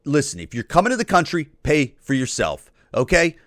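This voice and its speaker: A man's voice: fairly high pitch, wildly swooping pitch, a little fast, a bit bright, dry recording, studio quality. A man hosting his own podcast, delivering a blunt, heated and profane solo monologue full of slang. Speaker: podcast host.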